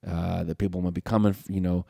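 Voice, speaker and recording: A man's voice: sits low, brisk, vocal fry, no room sound, studio quality. A middle-aged man co-hosting a podcast, animatedly retelling a film plot and acting out its lines. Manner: animated storyteller, acts out lines with laughs. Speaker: podcast co-host. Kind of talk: casual movie recap chat.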